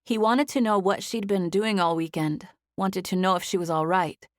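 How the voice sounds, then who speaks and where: This audiobook narration comes from a woman with a mid-range voice, telling the scripted story in an even, measured way. The recording is dry with clean studio sound.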